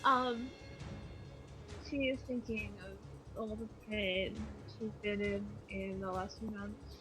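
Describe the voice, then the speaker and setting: A woman's voice: medium pitch, steady tone, takes it slowly, music in the background, poor audio. A woman playing a tabletop game, thoughtfully describing her character's actions in third person. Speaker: player.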